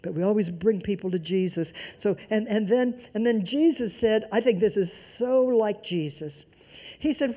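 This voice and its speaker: Preacher, mid-pitched, mellow tone, sermon with emphatic repetition and soft asides. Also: lively intonation, normal speed. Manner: emphatic repetition of key phrases; swings between loud emphasis and soft near-whispers.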